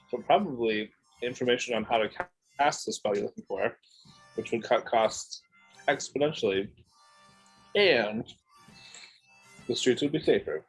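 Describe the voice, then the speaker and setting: A man playing in a tabletop game, negotiating in character and laying out options in a diplomatic, deliberate way. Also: mid-range voice, animated, breathy edge, soft background music, rough recording. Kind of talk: in-character tabletop role-play.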